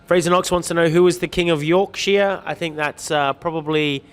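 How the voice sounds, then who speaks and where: Upbeat guy reading out viewer comments, kinda high voice, lots of hall reverb. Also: fairly even intonation, normal speed, smooth. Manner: chatty, greets viewers by name, light joking. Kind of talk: upbeat live-stream chat.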